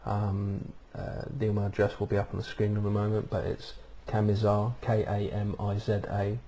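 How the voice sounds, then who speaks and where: Male vlog host, low and steady monotone, rambling, casual, webcam-miked. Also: normal speed, slight background noise. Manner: rambling, many ums and uhs. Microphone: webcam microphone.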